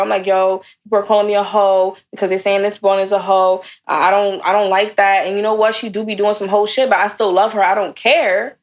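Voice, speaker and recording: A young woman co-hosting a podcast, telling a story in a blunt, animated, profane way, casual chat. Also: medium pitch. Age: young adult. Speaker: podcast co-host.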